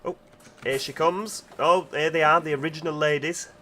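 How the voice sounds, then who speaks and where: A man's voice: on the high side, steady tone, normal speed, sharp tone, a little hiss or hum. Chatty man streaming a game. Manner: chatty, reads out chat messages while driving. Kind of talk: casual livestream commentary.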